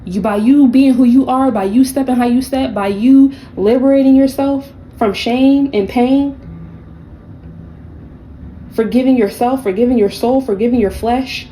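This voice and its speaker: A woman's voice: sits high, measured pace, dark tone, slight background noise, low-quality recording. A woman giving a casual tarot reading, blunt and profane, with sassy, mocking asides. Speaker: tarot reader.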